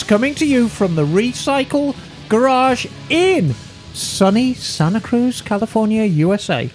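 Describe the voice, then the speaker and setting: A woman co-hosts a podcast in easy, joking chat. Her delivery is slow and unhurried, and her pitch rises and falls a lot. She is recorded in a garage studio. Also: animated, darkish tone, faint music behind. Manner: playful, joking, laughs often. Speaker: podcast co-host. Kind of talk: casual chat.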